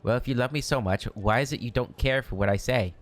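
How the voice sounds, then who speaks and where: A man reading aloud as a hurt, proud female half-elf companion, using his own low voice. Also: fast talker, close to an everyday voice. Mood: reproachful.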